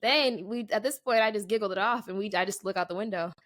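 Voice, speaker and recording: A young woman co-hosting a podcast, telling a story in a casual chat, lively and laughing, jumping her pitch high to act out other people. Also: quick pace. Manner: animated, laughing, acts out quoted voices with big pitch jumps. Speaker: podcast co-host.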